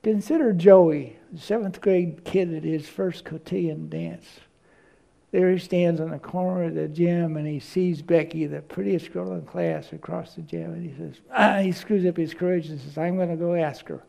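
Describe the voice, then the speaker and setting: A male preacher with a fairly high, gravelly voice and a dark, mellow tone. He preaches by telling stories and stumbles over repeated words as he looks for what to say next. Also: fairly even intonation, moderate pace. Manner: storytelling, repeats words when searching. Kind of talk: sermon.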